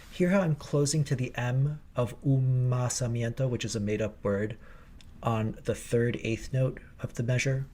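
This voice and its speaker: A man's voice: mid-range voice, darkish tone, a little hiss or hum. A man coaching choir singers in a recorded rehearsal lesson, explaining diction precisely and patiently.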